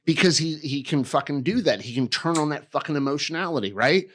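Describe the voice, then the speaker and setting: A man's voice: a little high, lively intonation, a little fast, fairly bright tone, a little hiss or hum. Blunt, heavily swearing man on a podcast. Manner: profane, blunt and emphatic. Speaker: podcast co-host. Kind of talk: casual chat.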